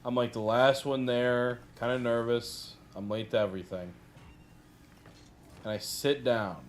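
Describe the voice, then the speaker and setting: A young man spins a casual anecdote in a middle-pitched voice. He keeps it animated and loose, and he leans on "like" as he goes. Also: unhurried, a little hiss or hum. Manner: animated, heavy use of "like". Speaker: streamer. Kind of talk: casual storytelling.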